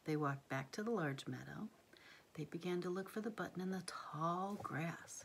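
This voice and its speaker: A woman reading a bedtime story aloud to her child in a soft, hushed voice, often dropping to a whisper. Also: lowish voice, moderate pace, a little hiss or hum.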